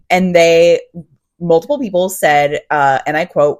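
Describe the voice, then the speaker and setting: A woman's voice: lowish voice, fairly even intonation, normal speed. A woman co-hosting a book podcast, chatting casually with dry, joking sarcasm. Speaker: podcast co-host. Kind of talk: casual chat.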